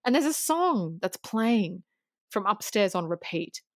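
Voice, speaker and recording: A woman's voice: mid-range voice, a little slow, no echo, clean studio sound. Woman eagerly retelling a film scene. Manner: animated scene retelling with restarts and casual swearing. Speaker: podcast co-host. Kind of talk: casual film review chat.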